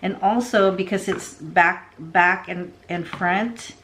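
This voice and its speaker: A middle-aged woman telling a long story in a casual, rambling way while she arranges plants, often dropping into soft asides. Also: lowish voice, slow. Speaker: succulent vlogger.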